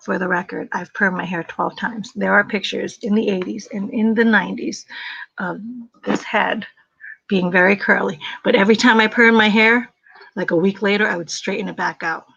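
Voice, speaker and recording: A woman's voice: medium pitch, steady tone, moderate pace, creaky, fairly bright tone, breathy edge, dry recording, highs cut off. A woman hosting a casual livestream, chatty and laughing often. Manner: chatty, laughs often, talks to her dog. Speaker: livestream host.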